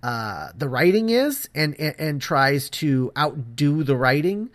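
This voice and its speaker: A man's voice: fairly high pitch, very animated, slow, a bit bright. An American man co-hosting a podcast, tearing into an episode with blunt, exasperated criticism and plenty of "um"s. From United States. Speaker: podcast co-host. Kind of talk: casual podcast chat.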